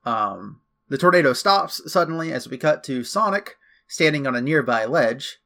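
A man's voice: mid-range voice, expressive, normal speed, vocal fry, bright, forceful tone. A man casually recapping a video game story, chatty with loose asides. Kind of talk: casual chat.

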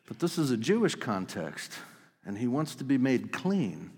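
A man preaching a sermon, telling the story vividly and swinging between loud outbursts and hushed lines. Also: medium pitch, sing-song, moderate pace, slightly rough, long reverb tail. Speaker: pastor.

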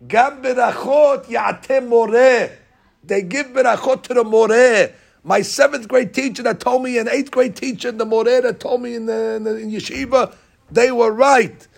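Gravelly high-voiced rabbi preaching. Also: male voice, normal speed. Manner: animated storytelling, acting out congregants' complaints; mixes Hebrew terms into English. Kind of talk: sermon.

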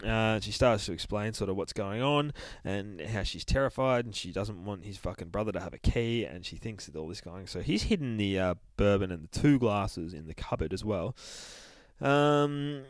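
A man with a lowish voice tells a horror comic's plot in a loose, profane ramble. He swears nonstop and jumps into the characters' lines as he goes. The sound is dry and close, with no room around it. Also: expressive, normal speed, no room sound. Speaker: comic book podcast host. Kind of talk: casual profane comic recap.

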